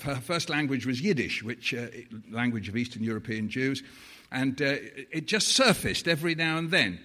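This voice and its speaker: A man's voice: mid-range voice, pushed and bright. A man in his seventies giving a playful live storytelling talk, slipping into voices for the people he quotes. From Britain. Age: 70s. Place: stage in a large hall. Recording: long hall reverb.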